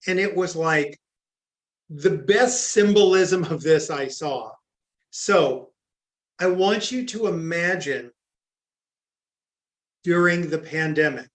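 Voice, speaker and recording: A man giving a recorded training talk on grief, earnest and emphatic as he tells stories. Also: on the high side. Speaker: grief educator. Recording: echoey room.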